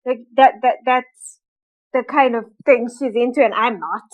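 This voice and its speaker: A woman's voice: a little high, a little slow, narrow, tinny audio. A woman co-hosting a podcast, telling a story in casual chat and laughing often as she talks. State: tired and grouchy from a broken nap. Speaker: podcast co-host.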